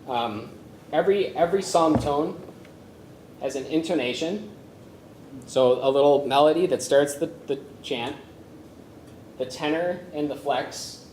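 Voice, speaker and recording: A man presenting a workshop on chanting psalms, speaking haltingly with many fillers and humming melodies to show them. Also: a little high, darkish tone, a little hiss or hum. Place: conference room with a live audience. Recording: roomy echo from a lecture space.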